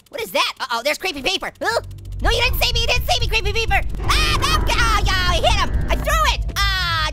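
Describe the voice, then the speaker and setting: A woman's voice: gravelly, heavy background noise, full character voice. A woman voicing a hyper, giggly cartoon orange who rambles and jokes through a let's play commentary. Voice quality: squeaky, bouncy, silly. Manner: rambling, joking, giggling at own gags. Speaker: gameplay commentator.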